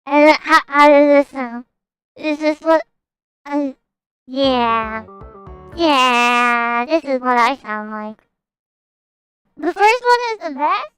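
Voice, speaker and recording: A young woman streams in a high, bright voice, joking and excitable without rushing. Faint music plays behind her as she chats. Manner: excitable, jokey, shouts and laughs. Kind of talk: casual livestream chat.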